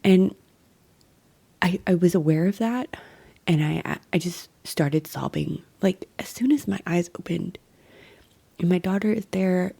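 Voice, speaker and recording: A young woman with a low, gravelly, mellow voice talks through her morning on a solo podcast. She is blunt and self-critical, swears freely, and keeps restarting with fillers. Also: normal speed. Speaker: podcast host. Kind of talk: candid solo podcast monologue.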